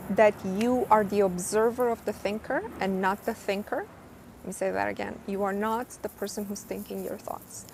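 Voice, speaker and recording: A woman's voice: medium pitch, gravelly, darkish tone, slight background noise. A woman coaching on manifestation in a live-stream Q&A, reading viewer comments and answering earnestly, often checking in with "right?". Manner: earnest, emphatic, repeats points with "right?".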